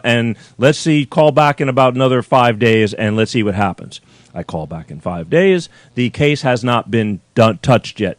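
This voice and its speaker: A man in a close, dry recording, ranting about a billing dispute. His voice sits at a middle pitch and grows sharper and higher when he gets worked up. He talks bluntly and acts out each side of his phone calls. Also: no echo. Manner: exasperated, blunt, acts out both sides of the calls. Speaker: call-in show host.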